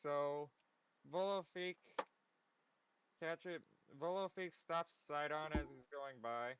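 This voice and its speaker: A man's voice: on the high side, slow pace, a bit bright, poor audio. A man at a tabletop game, narrating his character's moves in a rambling way that keeps restarting itself. A light hiss runs underneath. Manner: rambling, self-interrupting narration. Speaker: player. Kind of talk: casual tabletop play.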